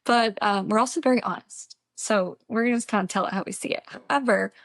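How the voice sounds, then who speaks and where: A woman's voice: mid-range voice, quick pace, fairly bright tone, no echo, studio quality. A young woman co-hosting a podcast, chatting casually and laughing as she tells stories. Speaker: podcast co-host. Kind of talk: casual chat.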